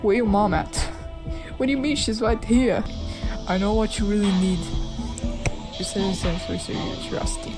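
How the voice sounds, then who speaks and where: A woman's voice: mid-range voice, moderate pace, pauses often, rough recording. A woman casually playing a game, reading its text aloud and reacting with giggly, playful disgust. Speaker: gamer. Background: game music.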